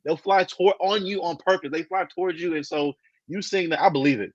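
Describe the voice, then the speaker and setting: A comedian from Texas, chatting as a guest in a playful, exaggerated way. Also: male voice, high voice, brisk, no room sound, highs cut off. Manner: playful, exaggerated, repeats words. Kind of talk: casual chat.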